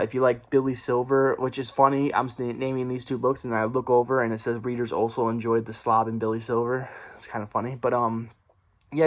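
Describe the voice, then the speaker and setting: A man casually reviewing a horror book at home, rambling, correcting himself and laughing often. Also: mid-range voice. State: briefly out of breath. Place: room at home.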